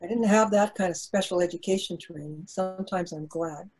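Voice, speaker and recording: A woman's voice: on the low side, fairly quick, a little mellow, breathy edge, low-quality recording. An older woman author answering interview questions over a video call, talking in an earnest, reflective way with frequent restarts.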